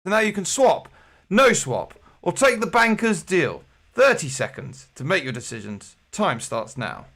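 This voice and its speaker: Jokey quiz host, higher voice. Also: male voice, very animated, a little slow, fairly bright tone. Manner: jokey, rambling, playful showman. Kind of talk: comic game-show host patter.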